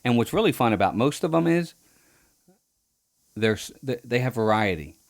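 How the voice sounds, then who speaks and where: A man's voice: medium pitch, expressive, moderate pace. A man co-hosting a theme park podcast in casual chat, rambling and restarting his phrases. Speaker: podcast co-host.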